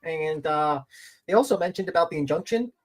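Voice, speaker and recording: A man speaks in an offhand, casual way, almost muttering. His voice sits a bit high for a man. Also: a little fast.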